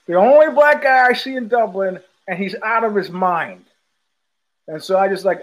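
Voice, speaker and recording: A man's voice: high voice, a little slow, dull audio. A man hosting a podcast, telling a casual rambling story with many restarts and repetitions. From United States. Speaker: podcast host.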